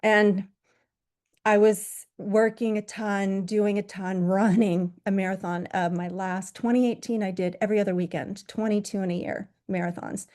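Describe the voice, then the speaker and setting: A middle-aged woman speaking at a mid-range pitch for a woman, sharing a personal story at a virtual conference. She is candid and pokes fun at herself. She pauses and uses fillers as she goes. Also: little pitch movement, darkish tone. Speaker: yoga teacher.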